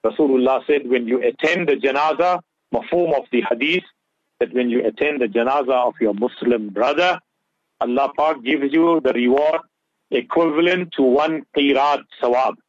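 A man's voice: medium pitch, normal speed, no room sound. A man giving impassioned Islamic advice on a radio talk show, mixing English with Urdu and Arabic phrases. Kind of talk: earnest religious talk on radio. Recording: dull lo-fi radio audio.

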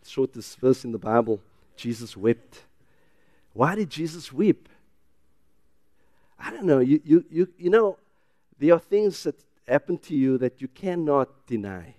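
A man with a South African English accent preaching a sermon in church, swinging from loud emphatic declarations to quiet personal storytelling. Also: a little high, no room sound, clean studio sound. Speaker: pastor.

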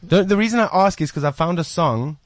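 A man co-hosting a radio show, cracking deadpan jokes in casual banter. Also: a little high, a little fast, dry recording. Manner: deadpan, joking. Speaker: radio co-host.

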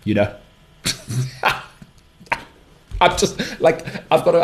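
A man with an English accent hosting his own podcast alone, giving strong opinions and often leaping into high-pitched mocking outbursts. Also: animated, slow, long pauses. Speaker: podcast host. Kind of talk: solo podcast monologue.

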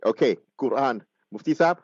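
Hesitant radio host. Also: male voice, mid-range voice, animated, normal speed, a little mellow, breathy edge, dry recording, muffled recording. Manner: hesitant, many "uh" fillers. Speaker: radio host reading questions.

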